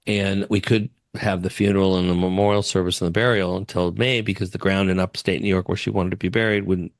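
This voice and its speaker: A man's voice: low voice, flat delivery, quick pace, no echo. A man who works as a wealth advisor, chatting in an interview and telling stories with easy laughs. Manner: chatty storyteller, laughs easily. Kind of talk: casual interview chat.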